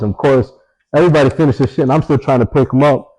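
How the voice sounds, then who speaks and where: A young man telling stories in a relaxed interview, swearing often and leaning on fillers. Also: medium pitch, a little fast, rough recording. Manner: laid-back, swears a lot, many fillers. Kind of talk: casual storytelling in an interview.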